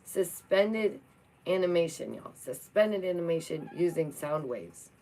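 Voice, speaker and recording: A woman's voice: fairly low pitch, expressive, a little slow, mellow, poor audio. A young woman vlogging, reading science news aloud and joking with her cat in a playful, chatty way. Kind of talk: casual chat reacting to news.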